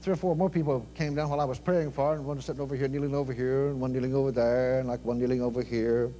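A man preaching in a folksy manner, telling stories and acting out the dialogue, swinging between quiet murmurs and loud cries. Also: mid-range voice, fairly even intonation, very fast, muffled recording, slight background noise. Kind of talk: storytelling sermon.

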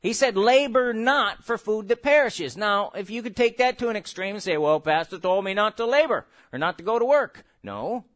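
A male pastor preaches in a high voice that climbs and dips widely, joking, chuckling, and suddenly shouting. When he reaches scripture, he slows to a measured, drawn-out crawl.

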